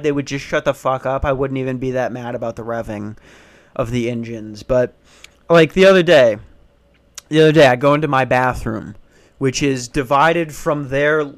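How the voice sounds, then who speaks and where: A young man ranting casually in a back office, profane, sarcastic and exasperated. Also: medium pitch. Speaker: comedic ranter. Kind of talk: casual comedic rant.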